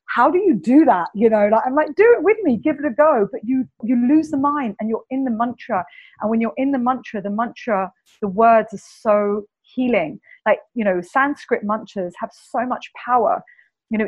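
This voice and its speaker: A woman with a Cockney English accent, speaking as a guest healer in an enthusiastic, animated spiritual conversation. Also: mid-range voice, muffled recording. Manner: animated, enthusiastic storyteller, repeats words.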